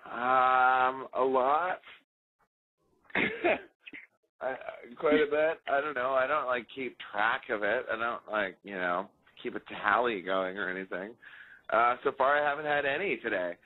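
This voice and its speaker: A man calls into a radio interview and jokes his way through the questions in a loose, rambling way. His voice comes through a thin phone line that cuts off the highs and lows. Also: unhurried. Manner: joking, rambling, laid-back. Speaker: musician guest.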